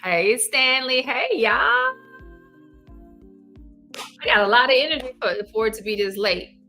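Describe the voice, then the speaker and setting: A middle-aged woman from Arkansas with a Southern accent, a love coach hosting a casual, energetic livestream and greeting viewers by name. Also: fairly high pitch, measured pace, soft background music. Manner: chatty, energetic, greets viewers by name, says "y'all" and "child".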